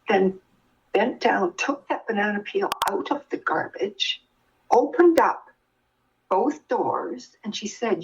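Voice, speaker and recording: An older woman speaks with a slightly husky, breathy voice as she tells a personal story in earnest. She restarts her sentences often and grows animated as the story builds. The sound is muffled and lo-fi. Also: mid-range voice. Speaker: guest sharing her experience.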